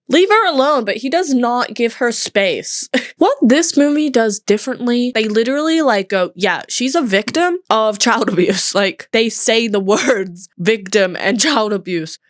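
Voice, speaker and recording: A young woman rants comically through a movie review. Her voice sits a little high and stays animated, sarcastic and quick to giggle. The sound is close and dry, with no room echo. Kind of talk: comedic movie review vlog.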